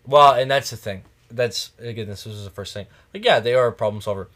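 A man's voice: mid-range voice, brisk, fairly bright tone. A man hosting a podcast, chatting casually in a rambling, jokey way with a friend. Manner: rambling, jokey, laughs often. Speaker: podcast host. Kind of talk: casual chat.

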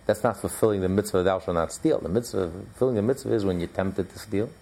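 A man's voice: fairly low pitch, fast, gravelly, warm tone, a little hiss or hum. A man teaching a recorded Torah class, emphatic and conversational, repeating his points with fillers.

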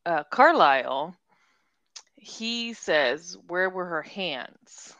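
Young woman chatting about a mystery novel, kinda low voice, super dry mic. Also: animated, drawn-out words, fairly bright tone, dry recording, dull audio. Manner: chatty, retells scenes with quoted voices, giggles. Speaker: podcast co-host. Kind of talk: casual book discussion.

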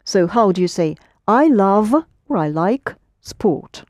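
A woman's voice: mid-range voice, animated, slow pace, darkish tone, dry recording, clean studio sound. A woman teaching a Russian lesson in English, patiently correcting her students' pronunciation. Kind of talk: language lesson.

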